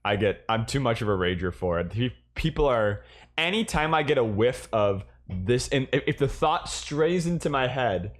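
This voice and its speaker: Animated man telling gaming stories. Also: mid-range voice, normal speed. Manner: animated storytelling, swearing, frequent restarts. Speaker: podcast co-host. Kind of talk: casual gaming chat.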